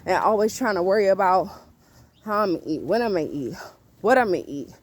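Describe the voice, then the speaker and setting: Out on a street, a woman vlogs casual faith talk to camera, offering spiritual advice. Her medium-pitched voice is lively and fast, and she's emphatic, repeats herself, and laughs often.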